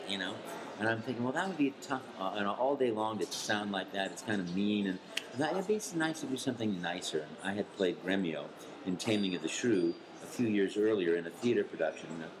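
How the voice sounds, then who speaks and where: A man, a voice actor, telling an anecdote in an interview and acting out quoted voices with big leaps in pitch. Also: lively intonation, fast talker, background noise. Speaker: voice actor guest.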